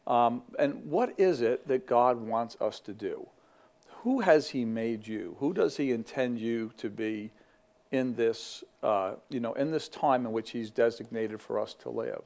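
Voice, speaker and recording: A man's voice: mid-range voice, measured pace, gravelly, a little mellow. A middle-aged man, a ministry vice president, giving a reflective faith talk in a conversational way with many fillers and restarts.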